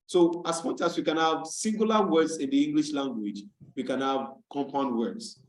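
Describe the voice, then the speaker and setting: A man from Nigeria tutoring students over a video call, explaining rules step by step and repeating key words slowly to drill them. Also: on the high side. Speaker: English tutor. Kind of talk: online tutorial lesson. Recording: echoey room on a video call.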